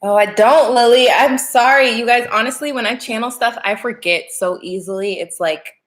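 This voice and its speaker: A woman's voice: a little high, moderate pace. A young woman hosting a casual live stream as a tarot reader, chatting, greeting viewers by name and laughing often.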